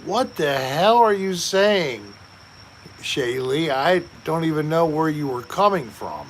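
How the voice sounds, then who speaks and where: A man hosting a casual live stream, chatting slowly and joking while reading out viewer comments. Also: on the high side, animated, slight background noise. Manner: slow, joking, reads chat aloud. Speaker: livestream host.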